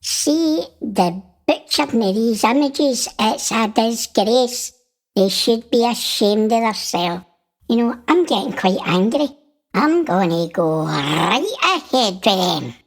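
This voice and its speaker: A man's voice: sits high, animated, vocal fry, voice pushed up, exaggerated voice. Man putting on a cheeky Martian. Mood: indignant. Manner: cheeky, quick to anger. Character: hot-tempered male Martian guest.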